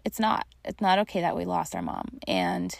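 A woman's voice: lowish voice, expressive, moderate pace, vocal fry, no room sound. A young adult woman hosting a solo podcast on grief, talking casually and reassuringly straight to her listeners with many fillers. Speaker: podcast host and grief coach.

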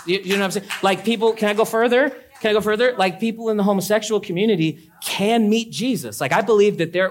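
A young adult man preaching a sermon as a pastor, talking conversationally and swinging into emphatic, climbing peaks. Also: fairly high pitch.

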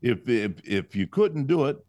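A man's voice: mid-range voice, sing-song, normal speed, warm tone, dry recording. A man co-hosting a political talk show, blunt and sarcastic, with frequent restarts. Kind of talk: casual political chat.

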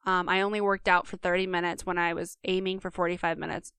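A woman's voice: lowish voice, little pitch movement, quick pace, a bit bright, smooth, dry recording. A woman co-hosting a podcast, talking earnestly and speaking straight to listeners in a casual monologue. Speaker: podcast co-host.

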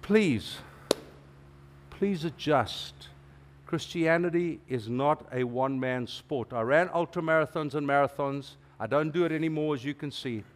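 Animated man preaching a sermon. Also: fairly high pitch, measured pace. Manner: animated and emphatic, with playful asides. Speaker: guest preacher.

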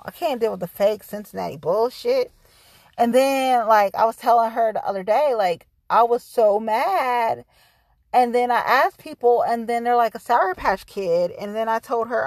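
Woman, podcast host, casual monologue, blunt and profane, lively swooping pitch, dry close sound. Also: moderate pace, creaky, no echo. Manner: candid, profane, talks straight to listeners.

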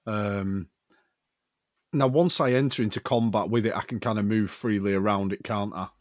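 A man's voice: on the low side, normal speed, dry recording, clean studio sound. A man playing a tabletop game, casually thinking aloud about his moves. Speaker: player.

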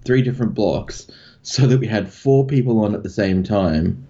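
Mellow-voiced Australian man on lo-fi audio. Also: fairly low pitch, moderate pace. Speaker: guest, content creator. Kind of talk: casual interview chat.

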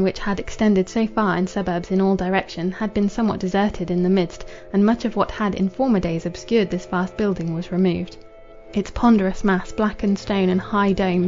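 A woman reading a classic novel aloud in a measured, solemn narration. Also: mid-range voice, warm tone, dull audio. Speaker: audiobook narrator.

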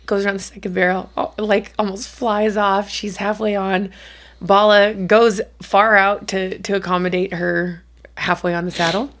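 Middle-aged woman, chatty podcast co-host with some vocal fry, loose and casual. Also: medium pitch, flat delivery, moderate pace, a bit bright. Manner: chatty storyteller, swears casually. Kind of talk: casual chat.

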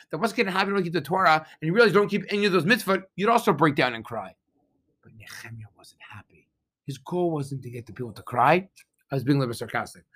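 A man, a rabbi, giving an animated sermon outdoors, often asking his listeners questions. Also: on the high side, husky.

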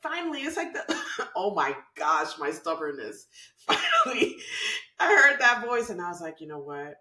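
A woman's voice: mid-range voice, normal speed, roomy sound. A woman co-hosting a podcast in casual chat, telling stories with frequent laughter. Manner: laughs often, animated storytelling. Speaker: podcast co-host.

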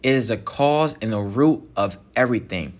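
A man's voice: mid-range voice, animated, moderate pace. A man hosting his own podcast, talking casually and directly to listeners in a chatty, conversational way with restarts. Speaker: podcast host. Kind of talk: casual solo podcast talk. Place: Mexico.

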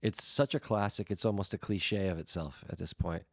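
A man's voice: low-pitched, fairly even intonation, fairly quick, slightly rough, dry recording, clean studio sound. A man from Rhode Island who acts in a local play, chatting casually in a playful way. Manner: playful, slips into mock accents. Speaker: actor in a community play. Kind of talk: casual chat.

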